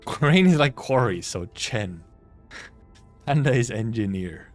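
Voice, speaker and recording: A young man chats his way through a video game in a casual, playful stream voice. His pitch swings widely as he reacts, joking, laughing and swearing as he thinks aloud. Soft game music sits in the background. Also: expressive, slow pace. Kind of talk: casual gaming commentary.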